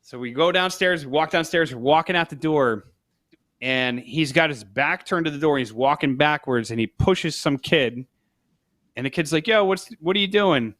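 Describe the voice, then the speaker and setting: A man's voice: on the high side, normal speed, a bit bright, no room sound. A man co-hosting a podcast, telling a rambling story in casual chat, laughing as he goes. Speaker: podcast co-host.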